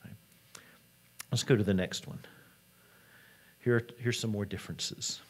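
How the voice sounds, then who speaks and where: A man's voice: on the low side, unhurried, husky. A man, a college president, giving a conference talk in a conversational storytelling manner.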